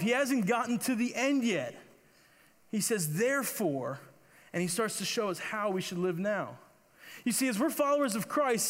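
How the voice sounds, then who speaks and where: A male pastor preaching a sermon in a conversational way, often repeating words and acting out the quotes he reads. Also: extremely high pitch. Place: church hall. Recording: long reverb of a church hall.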